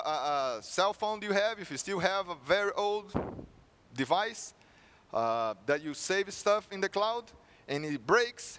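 A man's voice: sits high, fairly bright tone, clear, resonant tone. A male preacher delivering a sermon with earnest storytelling and rhetorical questions.

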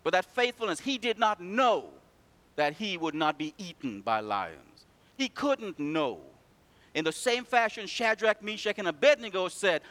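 A man preaching a sermon in church, telling stories and calling out to the congregation, swinging from loud to hushed. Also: high-pitched, big pitch swings, measured pace.

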